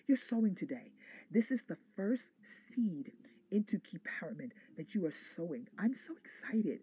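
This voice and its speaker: A woman's voice: fairly low pitch, big pitch swings, normal speed, mellow, slightly rough. A woman preacher delivering a sermon with fervent, repetitive call-and-response phrasing.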